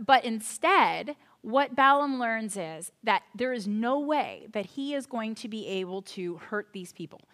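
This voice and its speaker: A woman pastor retelling a story in a sermon, animated and chatty with little asides. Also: on the high side, a little slow, hardly any pauses.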